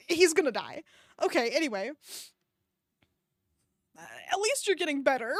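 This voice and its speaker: High-pitched and swinging widely in pitch, this woman's voice moves a little slowly with long pauses. She's a streamer dramatically reading fan fiction for laughs, stopping to tear into it with sarcastic, sweary asides, and the studio-quality audio has no echo.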